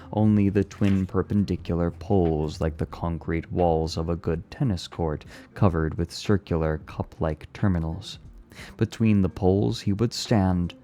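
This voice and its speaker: A man reading a novel aloud on stream, his voice very low and mellow. He takes the prose at a steady, deliberate pace and lets the phrasing breathe. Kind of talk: read-aloud storytelling.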